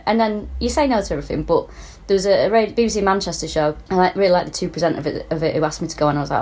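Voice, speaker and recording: A woman's voice: on the low side, very fast, few pauses, darkish tone. A woman with a northern English accent co-hosting a comedy podcast, chatting bluntly with plenty of swearing and laughter. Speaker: podcast co-host. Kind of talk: casual comedic chat.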